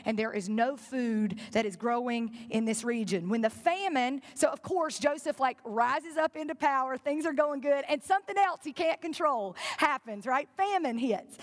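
A woman preaching with a high, bright-toned voice and a lilt. She retells the story earnestly and keeps turning to her congregation with questions. Her voice rings out with the long reverb of a large church hall. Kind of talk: sermon.

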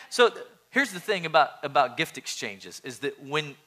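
A man preaching a sermon as a pastor, animated, with jokey asides and quick impressions of churchgoers. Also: fairly high pitch.

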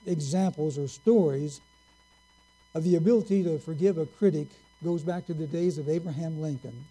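A man preaching a sermon, telling a story slowly and earnestly and drawing out his key words. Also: on the high side, mellow, breathy edge, poor audio.

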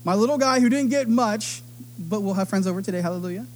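A middle-aged man preaching a sermon, telling stories with animated delivery and acting out the voices of others. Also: high-pitched, fast talker. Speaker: pastor.

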